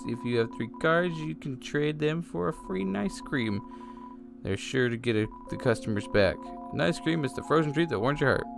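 A man voicing an eager male bunny ice cream vendor, reading his upbeat sales pitch from a game aloud. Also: animated, moderate pace, vocal fry. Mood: hopeful pitch. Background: game music.

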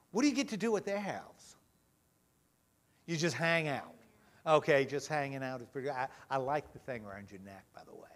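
A man leading a children's talk in church, gentle and full of questions. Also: fairly high pitch. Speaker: pastor leading a children's message. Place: church sanctuary.

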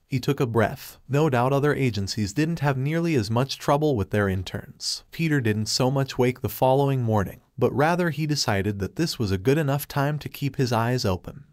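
A man's voice: medium pitch, no room sound. Man narrating fan fiction, dry sound.

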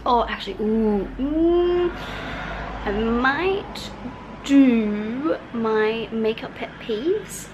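A woman's voice: a little high, drawn-out words, pauses often. Chatty swearing woman vlogger, noisy background. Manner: rambling, chatty, swears freely. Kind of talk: casual vlog chat. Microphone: handheld camera mic.

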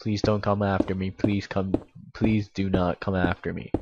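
A man giving casual, excitable and rambling commentary while playing a video game. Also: low voice, normal speed, dull audio, heavy background noise. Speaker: gaming YouTuber.

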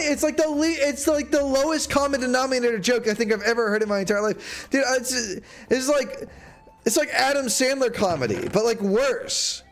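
A young man livestreaming a game, chatting to his viewers in a rambling way and bursting into mock-outraged shouts. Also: extremely high pitch, lively intonation, normal speed, faint music behind. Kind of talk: casual gaming livestream chat. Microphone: desk microphone.

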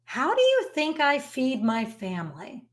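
A woman playing a calm, steady man who explains his point evenly. He speaks in a soft, measured way and never raises his voice. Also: fairly high pitch. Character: calm, steady husband and artist.

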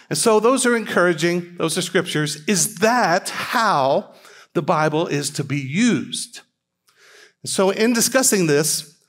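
A man's voice: a little high, a bit bright. A middle-aged man giving an informal, questioning teaching talk to a live audience at a church hangout, reading scripture aloud as he goes.

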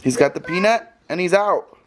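A man's voice: sits high, animated, moderate pace, crowd noise. A man hosting a casual family vlog, chatting playfully with his kids and the viewers. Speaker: vlog host, father. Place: outdoors on a home porch.

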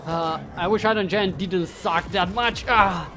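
Excitable swearing gamer guy. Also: high-pitched, measured pace, hardly any pauses, faint music behind. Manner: excitable, swears a lot, taunts opponents; bursts into loud yelling when winning or losing. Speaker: gaming YouTuber. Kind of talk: live gameplay commentary.

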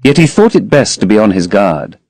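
A man narrating a classic novel as an audiobook, in a measured, expressive storytelling manner. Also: on the low side, no room sound.

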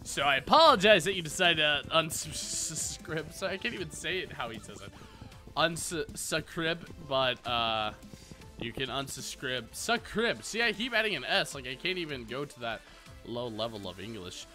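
Young man, gaming YouTuber, rambling self-mocking chat, very bright tone, lively pitch. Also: normal speed, soft background music. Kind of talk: casual Minecraft let's play commentary.

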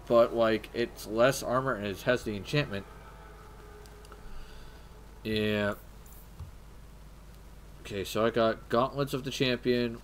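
A man's voice: medium pitch, a little hiss or hum. A man casually commenting on his gameplay during a live stream, talking to himself and swearing now and then. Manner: casual, talks to himself, swears, hums along. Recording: loud game music under voice.

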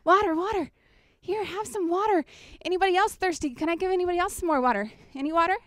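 A woman acting out a Samaritan woman at the well, loudly offering water and telling her story with animated excitement. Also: extremely high pitch, quick pace, no room sound, studio quality, voice pushed up. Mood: eager calling. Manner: loud, eager and animated, calling out offers. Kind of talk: costumed Bible story role-play. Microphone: handheld mic.

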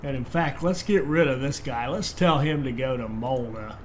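A man's voice: medium pitch, moderate pace, a little hiss or hum. A man casually commenting on his own gameplay as the host, thinking aloud with fillers and restarts. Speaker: game commentator. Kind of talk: casual let's-play commentary.

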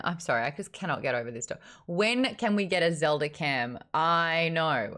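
A woman's voice: low voice, expressive, moderate pace, hardly any pauses, a bit bright. A woman hosting a casual book club livestream from home, chatting playfully and cooing at her sleepy dog. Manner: playful, laughing, baby-talk to her dog.

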